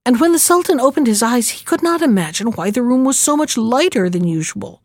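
A woman narrating a fairy tale in a measured, gentle storytelling manner. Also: fairly high pitch, expressive, dry recording, studio quality. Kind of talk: storybook reading.

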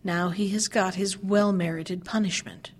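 A woman voicing an enchanted bear who is a king's son in a storybook reading, calm and reassuring. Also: a little high, moderate pace, lightly acted. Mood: calm noble.

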